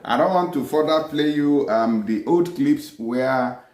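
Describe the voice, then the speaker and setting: A man's voice: a little high, unhurried, darkish tone. A man from Nigeria giving combative, scolding commentary on news clips. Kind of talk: opinionated commentary over clips. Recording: roomy echo.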